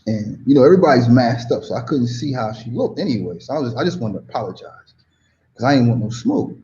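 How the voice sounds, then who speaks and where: A man from the United States tells a story casually, full of slang and "you know what I mean." His voice is dark and mellow. The audio is dull and lo-fi. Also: medium pitch, big pitch swings, quick pace, slight background noise. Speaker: guest.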